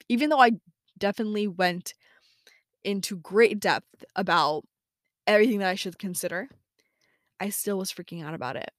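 A woman's voice: medium pitch, no room sound, studio quality. A young woman talking casually in a personal audio journal, rambling with many fillers and talking to herself. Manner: rambling, lots of "like" and "um", self-talk. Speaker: podcast host.

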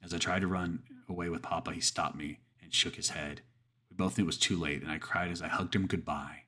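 Male horror storyteller, deep husky voice, earnest and deliberate. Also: fairly even intonation, pushed and bright. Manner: earnest, measured, with pauses and restarts. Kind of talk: horror story narration and reflective commentary.

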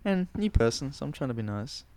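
A man co-hosting a podcast, telling a story in a casual, animated way, swearing a lot and acting out quotes. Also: mid-range voice, a little fast. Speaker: podcast co-host.

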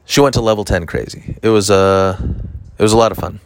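A man's voice: on the low side, brisk, smooth, no room sound. A man, a stand-up comedian, telling a story in a rambling, profane, casual way with lots of fillers.

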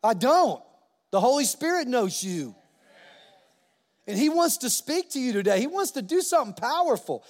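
A male pastor preaching a sermon to his congregation in a conversational, impassioned way, with quick restarts and acted asides. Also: very high voice, big pitch swings. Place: church sanctuary. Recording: long reverb of a large hall.

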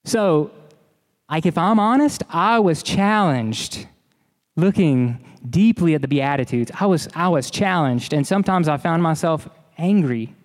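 Speaking at a measured pace, a pastor gives an expressive, earnest sermon, repeating himself for emphasis. His voice sits a bit high for a man, and the long reverb of a large hall surrounds it.

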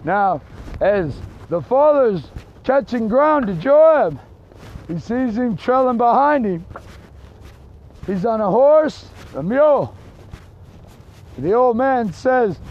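High-voiced slow preacher outdoors. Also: male voice, very animated, lo-fi sound. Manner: slow, deliberate storytelling, lowering his voice for quoted lines. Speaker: street preacher. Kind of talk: sermon storytelling. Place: outdoors in a city park.

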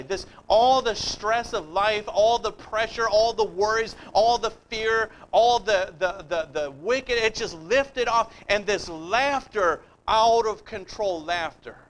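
A middle-aged man with a notably high voice delivers a sermon. He talks in a loose, conversational way and slips into quoted dialogue as he tells stories. A faint hum of ambience sits behind him. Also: fairly bright tone, low-quality recording. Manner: conversational, storytelling, acts out dialogue. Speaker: preacher.

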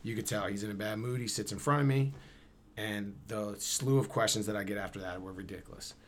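A man, telling a story as a guest in a casual interview, slangy and animated, acting out the dialogue. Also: lowish voice, brisk, a little hiss or hum. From Camden, New Jersey.

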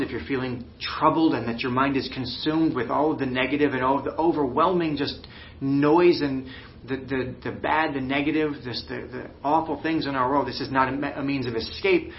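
A man's voice: medium pitch, fairly even intonation, brisk, slight background noise. Earnest male pastor preaching, slightly muffled. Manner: earnest, with many restarts and "you know" fillers. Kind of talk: sermon.

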